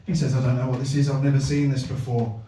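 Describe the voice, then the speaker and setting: A man performing stand-up comedy, telling a long absurd story with deadpan build-ups and loud punchlines. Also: mid-range voice, fast, distant mic, a little hiss or hum. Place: comedy venue with live audience. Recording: echoey room miked from afar.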